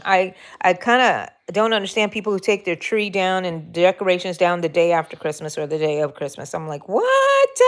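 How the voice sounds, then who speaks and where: A woman with a Texan accent hosting a casual crochet livestream, chatting with viewers and talking to herself as she works. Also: on the low side. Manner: chatty, talks to herself and viewers while working. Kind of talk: casual crochet tutorial chat.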